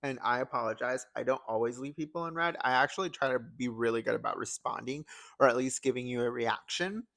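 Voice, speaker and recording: Young man, podcast host, casual emotional chat, bright tense voice, dry recording. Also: mid-range voice, fast, vocal fry, no room sound. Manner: chatty, fillers of "like", emotional and sensitive.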